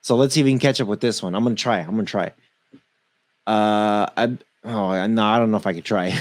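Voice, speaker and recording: A man co-hosting a casual tech podcast, reading quickly through a long list and tripping over names. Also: fairly low pitch. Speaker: podcast co-host.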